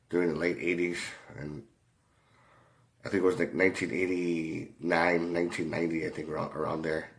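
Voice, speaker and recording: Low-voiced man telling a rambling story. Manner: halting, many fillers and restarts, swears freely. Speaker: commentator.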